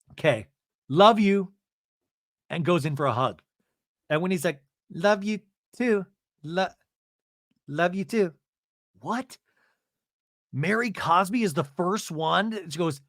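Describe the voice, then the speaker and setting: A man's voice: on the high side, big pitch swings, measured pace, long pauses, fairly bright tone, no room sound, clean studio sound. A man hosting a comedy podcast, recapping a reality show and mimicking the cast in exaggerated voices. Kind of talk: comedic recap with mock quotes.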